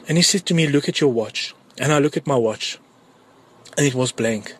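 A man with a South African accent tells his testimony in an earnest, pressing way and keeps repeating key words. His voice is husky, and his pitch sits in the middle. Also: normal speed. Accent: South African English. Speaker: churchgoer giving a testimony. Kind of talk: personal testimony of a vision.

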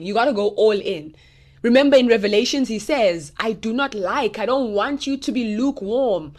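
A young woman giving a casual, animated Bible teaching, talking straight to her listeners in a direct, preachy way. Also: on the high side. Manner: animated, preachy and direct, speaking to viewers as y'all.

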